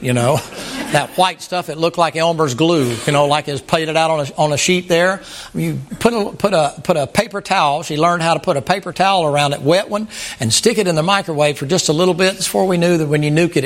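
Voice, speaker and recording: A man's voice: fairly high pitch, a bit bright. An older man, a pastor giving a folksy, humorous sermon. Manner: folksy, humorous, plainspoken preaching.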